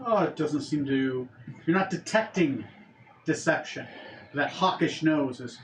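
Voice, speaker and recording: A man narrating as game master in a casual, halting way, with frequent fillers. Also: a little high. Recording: echoey room with faint ambient noise.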